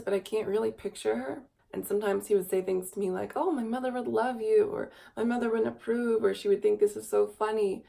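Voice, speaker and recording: A woman's voice: creaky, mellow. A young woman in her twenties, tired, talking in a rambling, wistful confessional vlog to a camera mic. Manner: rambling and wistful, coos in a high baby voice. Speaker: vlogger.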